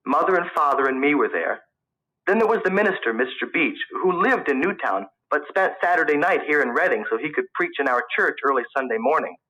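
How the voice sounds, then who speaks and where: Bright, lively male storyteller. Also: fairly high pitch, brisk, low-quality recording. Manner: plain storytelling, first person. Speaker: narrator. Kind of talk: audiobook narration.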